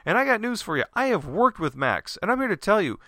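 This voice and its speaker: A man's voice: sits high, sing-song, fast talker, bright, forceful tone, no echo, studio quality. A man ranting angrily in a rambling, profane monologue, full of restarts and curses, as host of his own show.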